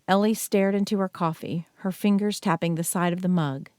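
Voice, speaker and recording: A woman narrating an audiobook in a measured, even reading. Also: lowish voice, no room sound. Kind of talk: scripted narration. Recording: dry close studio mic.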